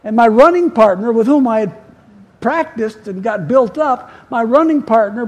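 A man's voice: very high voice, expressive, normal speed, highs cut off. A middle-aged male pastor preaching a sermon, emphatic, repeating key words and asking the congregation questions.

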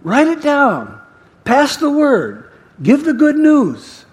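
A man's voice: very high-pitched, wildly swooping pitch, takes it slowly, pitched above the performer's own voice, heavily acted. A man voicing Jesus as an earnest, soothing man who offers reassurance, heard in a reverberant hall. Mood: reassuring.

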